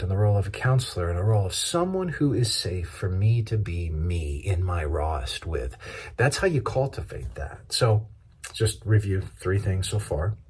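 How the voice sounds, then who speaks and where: A man's voice: on the low side, darkish tone, slightly rough. A man pastor giving a conversational, practical sermon, acting out everyday examples as he teaches.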